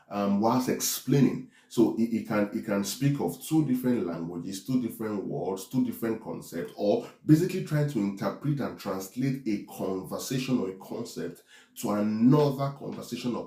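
This sermon comes from a man whose voice is lowish and warm, recorded in a room with plenty of echo. Teaching from the Bible, he keeps tossing out "right?" and "are we together?" to make sure his listeners are following.

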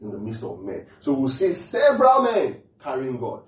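A man's voice: medium pitch, wildly swooping pitch, moderate pace. A man preaching a sermon, often asking the congregation questions and repeating key phrases for emphasis. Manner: call-and-response questions to the congregation. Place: church hall. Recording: distant, echoey, muffled hall recording.

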